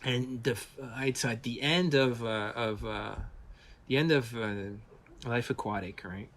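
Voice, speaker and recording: A French visual effects artist tells stories in a casual interview, animated and acting out quoted voices, with many restarts. His mid-range voice moves a little slowly.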